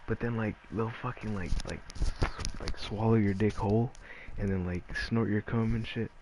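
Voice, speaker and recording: A man with a fairly low voice rants casually over his gameplay. He rambles and swears, stacking one filler word on another. There is constant noise in the background. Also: fairly even intonation, moderate pace, warm tone. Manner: profane, rambling, heavy on filler words. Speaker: gameplay commentator. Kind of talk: casual ranting chat. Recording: noisy background.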